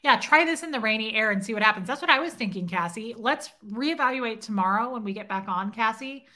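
A woman's voice: on the high side, expressive, a little fast, pushed and bright. A woman hosting a casual livestream, chatting with viewers and reading their comments aloud, self-deprecating and teasing. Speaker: livestream host. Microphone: phone.

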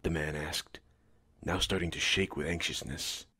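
Deep-voiced man narrating. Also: unhurried, slightly rough. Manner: steady storytelling. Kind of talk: scripted audiobook narration.

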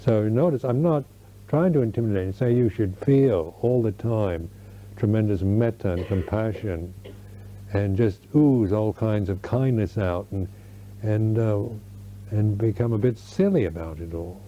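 An older American man, a Buddhist monk, giving a slow Dharma talk at a retreat, searching for words with many restarts. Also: lowish voice, a little hiss or hum. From United States. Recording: dull lo-fi 1991 recording.

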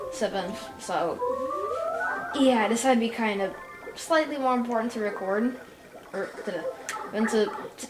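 A woman hosting a let's play, chatting casually and hesitantly between lines of the game. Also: medium pitch. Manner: rambling, hesitant. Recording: roomy with game music behind.

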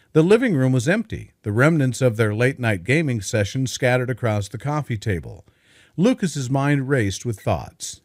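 A man's voice: medium pitch, no echo, clean studio sound. A man giving scripted, dramatic story narration.

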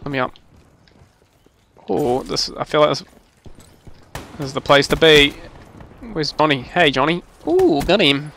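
A young man casually commentating his own game livestream, excitable, laughing and swearing as he plays. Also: fairly high pitch, unhurried, pauses often, slight background noise. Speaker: gaming livestreamer.

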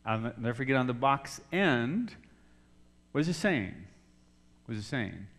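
A middle-aged pastor telling a personal story in a sermon, swinging from hushed, soft passages to loud shouting. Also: male voice, medium pitch, sing-song, measured pace.

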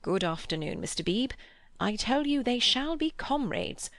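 A woman voicing an earnest, lecturing old man in an audiobook, with a gravelly tone. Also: a little high, big pitch swings, a little slow, a bit bright, no room sound, clean studio sound, pitched above the performer's own voice, exaggerated voice.

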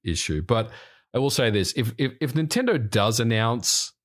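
A man's voice: mid-range voice, lively intonation, moderate pace. A man who is a game developer, speaking as a guest in a casual podcast discussion and often restarting his sentences hesitantly.

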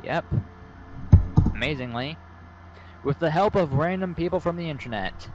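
A man playing as a teammate in a co-op game, giving short, dry, low-key remarks. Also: animated, moderate pace, highs cut off, a crowd in the background. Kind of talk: gameplay chat.

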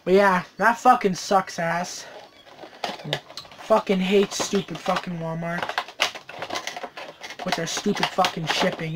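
Over very noisy audio, a high-pitched teenage boy rants profanely and angrily while unboxing a collectible toy for his vlog, cursing nonstop and humming under his breath between outbursts.

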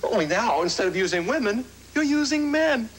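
An exasperated loyal buddy. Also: male voice, very high voice, sing-song, fairly quick, fairly bright tone, slight background noise, full character voice, rough recording. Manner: exasperated, scolding, then soothing. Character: exasperated loyal male best friend. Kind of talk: 1980s television sitcom acting.

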